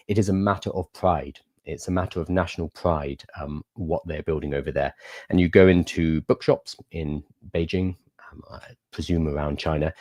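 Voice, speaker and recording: A young man hosts a casual livestream, talking through questions from his viewers in a chatty, explanatory way. His voice sits low, and the sound is dry and close, with no room echo. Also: a little mellow. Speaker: livestream host.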